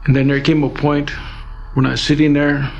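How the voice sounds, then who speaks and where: A middle-aged man from Alaska shares his past in a loose, rambling way, full of "you know" and "it's like". His voice sits a little higher than most men's. Soft music plays faintly underneath. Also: flat delivery, brisk, gravelly, muffled recording. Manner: rambling storytelling with many fillers. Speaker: interviewee. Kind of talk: personal testimony.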